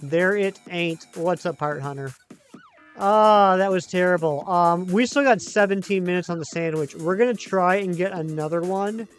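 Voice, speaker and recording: Male streamer, high voice, chatty and excitable, faint music underneath. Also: normal speed, clear, resonant tone. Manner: chatty, excitable, talks to chat. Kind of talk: live gaming stream chat.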